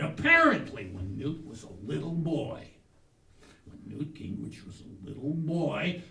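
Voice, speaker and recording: High gravelly guy rambling thru a folksy comic yarn, lively ups and downs, echoey room, mic kinda far off. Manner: folksy rambling yarn-spinner, loud outbursts. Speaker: comedic talk host. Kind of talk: comic storytelling monologue.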